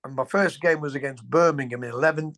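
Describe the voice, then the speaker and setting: A man, a former footballer telling colloquial, animated anecdotes as an interview guest. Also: mid-range voice, brisk. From England. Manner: animated, colloquial, swears, restarts sentences. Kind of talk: anecdotal storytelling.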